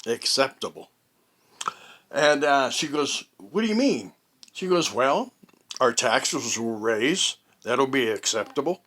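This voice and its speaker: A man telling a casual, rambling story at home, halting often with fillers and restarts. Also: medium pitch, animated, a bit bright. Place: at home, indoors.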